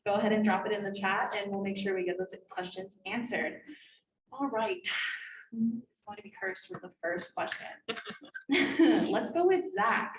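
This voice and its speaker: A young woman moderating a student panel in a friendly, brisk way. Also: medium pitch, a little hiss or hum. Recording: echoey room from far off.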